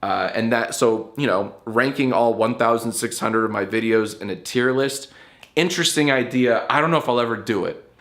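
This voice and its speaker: A man's voice: medium pitch, moderate pace, fairly bright tone. A man hosting his own online show, chatting casually to camera in a loose, rambling way and explaining things with playful emphasis. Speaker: YouTube show host.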